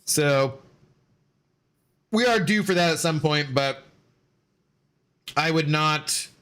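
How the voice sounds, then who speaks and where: Bright-voiced man chatting on stream. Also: a little high, takes it slowly, smooth. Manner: rambling storyteller, loose with fillers and swearing. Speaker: game streamer. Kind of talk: casual live-stream chat.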